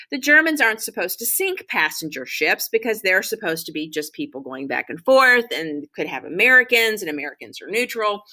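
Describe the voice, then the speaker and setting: A woman's voice: fairly low pitch, bright, forceful tone. A woman teaching a history lecture in a loose, conversational way, with frequent ums and restarts. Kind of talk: classroom lecture.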